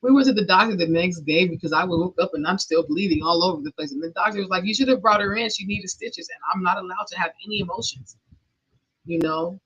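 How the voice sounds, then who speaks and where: This podcast host, a middle-aged woman, talks fast in a fairly low, slightly rough voice. Her personal monologue is earnest and emotional with nervous laughs, captured on dull lo-fi audio.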